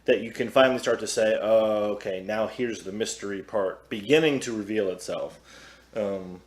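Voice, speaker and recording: A man's voice: on the low side, normal speed. A man co-hosting a movie podcast, giving hesitant, filler-heavy thoughts in casual chat. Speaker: podcast co-host. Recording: echoey room.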